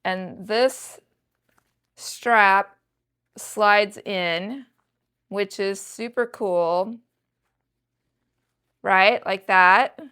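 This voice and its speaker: A woman's voice: medium pitch, extremely slow, long pauses, a bit bright, clean tone. A woman in her sixties chatting to viewers in a casual haul vlog, showing off thrifted handbags with chatty enthusiasm. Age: 60s. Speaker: thrift reseller vlogger.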